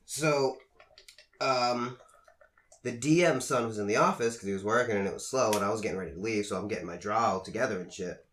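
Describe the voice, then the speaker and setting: A young man co-hosts a podcast, swapping work stories in casual chat and acting out the quotes with plenty of swearing. His voice sits fairly low and moves quickly, an animated, profane storyteller. The room sounds echoey.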